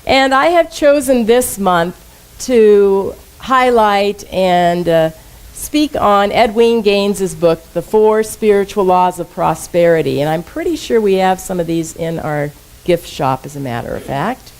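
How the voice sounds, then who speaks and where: A woman's voice: medium pitch, measured pace, rough recording. Woman minister, conversational sermon voice, engages congregation with questions. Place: church sanctuary.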